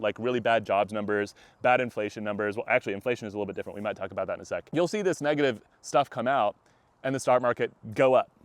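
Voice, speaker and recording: A man's voice: mid-range voice, no room sound. Young guy, chatty walking vlog, slightly winded, dry close sound, laughs through his points. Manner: chatty, animated, laughs often mid-sentence. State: out of breath while walking. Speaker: vlogger. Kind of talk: walking-and-talking vlog commentary. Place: outdoors on a walk.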